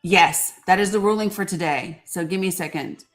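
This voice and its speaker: A woman's voice: on the low side, fairly quick, faint music behind. Impassioned woman hosting a live stream. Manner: reads legal text aloud, breaking off with fillers and asides; impassioned and outspoken. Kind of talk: casual live-stream news commentary.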